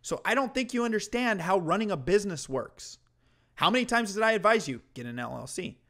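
A man's voice: sits high, animated, brisk, fairly bright tone. Heated, profane male streamer ranting. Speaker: streamer commentator. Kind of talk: ranting commentary to a live chat.

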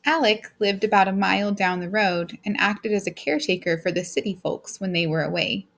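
A woman reading a short story aloud as a steady, plain narrator. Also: medium pitch, brisk, vocal fry. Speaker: audiobook reader. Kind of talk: scripted narration.

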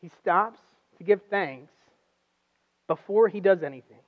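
A man giving a sermon as a guest preacher, telling stories casually and acting out quotes, dropping to a hush and rising to loud emphasis. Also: high-pitched, measured pace, phone-quality sound. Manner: conversational storytelling, acts out quotes, swings from loud to hushed. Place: church.

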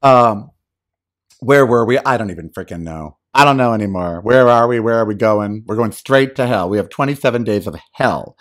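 A man hosting a podcast, giving a casual, animated and theatrical monologue into a microphone at home. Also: medium pitch. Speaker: podcast host. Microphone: studio microphone.

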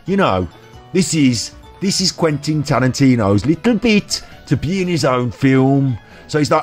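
A man's voice: medium pitch, lively intonation, unhurried, darkish tone, soft background music. A man with a West Midlands accent, a streamer who retells a film scene by scene in a loose, rambling comic way. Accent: West Midlands English. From England. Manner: rambling, jumps into silly quoted voices. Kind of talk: comic retelling of a film in his own words.

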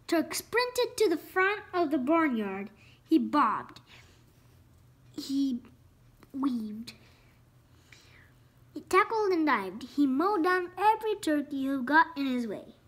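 A woman reading a children's picture book aloud, expressive and slow. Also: sits high. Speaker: storyteller. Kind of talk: children's story read-aloud.

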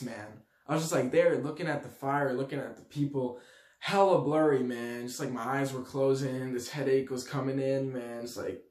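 A young man from Switzerland telling a story to his audience in a slangy, animated way, acting out the quotes loudly. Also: mid-range voice. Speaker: vlogger. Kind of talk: storytelling to camera. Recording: echoey room.

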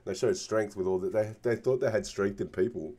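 A man's voice: on the low side, brisk, mellow. A man giving a casual tarot card reading, emphatic and constantly checking in with the listener. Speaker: tarot reader.

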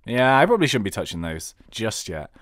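A man's voice: on the low side, sing-song, brisk, a bit bright, dry recording, studio quality. A young British man giving casual, joking gameplay commentary as a let's-player. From Britain. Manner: chatty, joking, upbeat.

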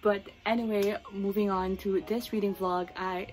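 A woman's voice: mid-range voice, fairly even intonation, moderate pace, a little mellow, soft background music, rough recording. A young woman in her twenties with a Filipino accent, chatting in her book vlog, emotional and gushing, at times teary. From Philippines. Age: 20s. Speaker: book vlogger. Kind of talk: casual chat.

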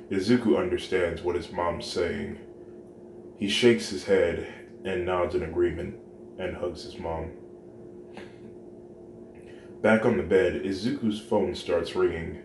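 Slow, deep-voiced man reading a story. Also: fairly even intonation. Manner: reads every character in his own plain voice. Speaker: fan fiction narrator. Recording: roomy home recording with noise.

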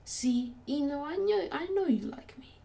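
A woman's voice: medium pitch, a little slow, a little mellow, natural voice. A woman voicing a cocky, boastful teenage boy ninja in an offhand, casual fan story reading.

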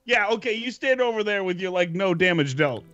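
A man's voice: high voice, lively intonation, fairly quick, fairly bright tone, faint music behind. A man playing a tabletop game, teasing the other players and joking around. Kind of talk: casual tabletop game banter. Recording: dull lo-fi audio.

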